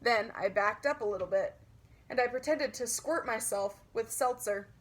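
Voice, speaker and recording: Female children's audiobook narrator, lively childlike delivery, slightly high voice. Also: moderate pace.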